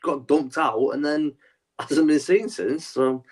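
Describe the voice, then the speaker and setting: A man's voice: a little high, slow pace, a little mellow. A man co-hosting a wrestling podcast, talking animatedly in a rambling, casual way with lots of restarts. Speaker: podcast co-host.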